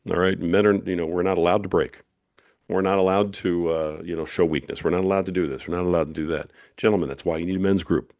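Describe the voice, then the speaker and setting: A man's voice: deep voice, darkish tone, no echo, studio quality. A middle-aged man hosting a solo podcast, talking in emphatic, preachy, punchy declarations. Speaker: podcast host.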